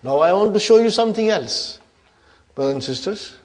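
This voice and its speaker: A man's voice: high-pitched, lively intonation, a little fast, a little mellow. A man with Urdu as his first language, teaching an Arabic grammar class and constantly checking in with his students. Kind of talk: classroom lecture.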